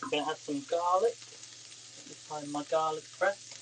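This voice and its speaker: A man's voice: on the high side, normal speed, a bit bright, slight background noise, poor audio. A man cooking in a home kitchen and chatting casually to viewers of his live stream as he works. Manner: chatty, talks to viewers as he cooks.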